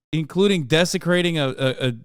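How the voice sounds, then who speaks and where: A man in his thirties rants through a reaction stream, swearing freely and climbing into loud, excitable bursts. His voice sits fairly high for a man and comes through smooth and clear. The close mic gives a dry, intimate sound with no room around it. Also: normal speed, dry recording. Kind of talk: casual profane reaction commentary.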